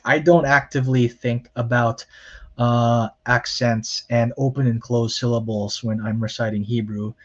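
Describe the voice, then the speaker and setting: A man's voice: mid-range voice, a little mellow, highs cut off. A man teaching a recorded lecture on grammar, explaining step by step, with many fillers and self-corrections. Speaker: Hebrew lecturer.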